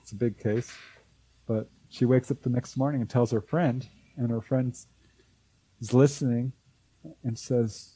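A man's voice: mid-range voice, unhurried, long pauses, slightly rough, low-quality recording. A man, an author and researcher, telling a long story in an interview and acting out the voices of the people in it. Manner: animated storyteller who acts out quoted voices. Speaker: author and UFO researcher, guest.

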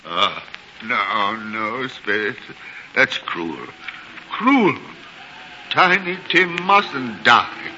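A desperate old miser pleads and breaks in a 1940s radio play. His voice is bright and ringing, drawn out slowly while it swings high and low. It comes through a dull, faintly hissing old broadcast. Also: sing-song, heavily acted. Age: older. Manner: anguished, broken, begging.

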